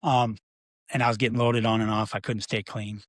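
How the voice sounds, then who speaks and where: A man's voice: on the low side, level tone, fairly quick, dry recording. A middle-aged man, a podcast guest, telling his life story in a rambling, candid way with many fillers and restarts.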